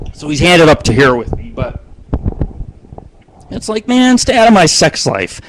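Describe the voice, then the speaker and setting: A man's voice: a little high, sing-song, measured pace, pauses often, fairly bright tone, slight background noise, poor audio. A man hosting his own live internet radio show, telling rambling, crude stories with plenty of swearing. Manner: crude, rambling storytelling with frequent swearing and laughs. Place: home studio broadcasting on live video.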